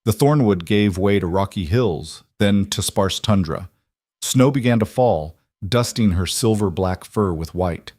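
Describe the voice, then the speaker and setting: A man narrating a fantasy audiobook in a steady, measured storytelling manner. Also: deep voice, no echo, clean studio sound.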